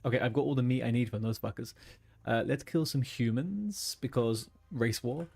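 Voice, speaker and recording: A man's voice: medium pitch, normal speed, vocal fry, a little mellow, breathy edge. A man streaming a game, chatting casually, swearing and muttering to himself as he plays. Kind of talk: casual gaming livestream chat.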